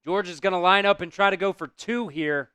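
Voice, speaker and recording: Excitable high-voiced male stream commentator. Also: fairly quick, clean tone, no echo. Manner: excitable, swears, talks to chat. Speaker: host doing live play-by-play. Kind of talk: casual live-stream commentary.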